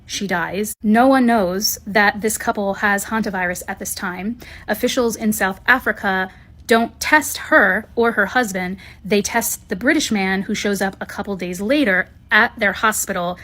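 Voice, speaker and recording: A woman giving viewers a brisk, step-by-step news update. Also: medium pitch, a bit bright. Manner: brisk, informative, sequential recounting.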